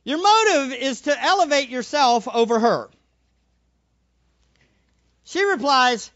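A male preacher giving a sermon, animated, acting out little scenes and repeating phrases for emphasis. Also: very high-pitched, slow, pauses often, dull audio.

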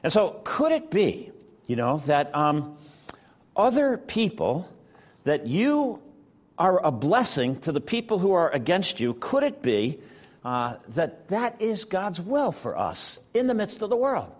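A man's voice: high voice, huge pitch swings, measured pace. A man preaching a sermon as pastor, talking in a conversational way with frequent fillers as he retells scripture.

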